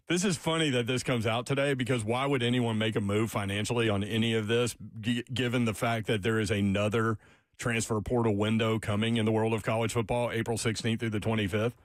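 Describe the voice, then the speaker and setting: A man hosting sports talk radio, excitable and quick to get worked up, laughing often. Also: on the low side, no room sound, clean studio sound. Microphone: studio microphone.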